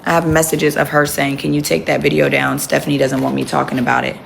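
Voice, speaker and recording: A woman's voice: low voice, flat delivery, quick pace, vocal fry, slight background noise. A woman livestreaming casually from home on her phone, blunt and profane, breaking off to talk to her dogs. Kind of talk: casual live chat with viewers.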